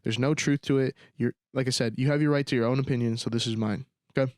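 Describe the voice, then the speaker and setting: A man's voice: mid-range voice, quick pace, dry recording, studio quality. A young man hosting a solo podcast, ranting in casual slang and leaning on sarcasm. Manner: slangy, repeats "dude" and "bro", sarcastic. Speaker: podcast host.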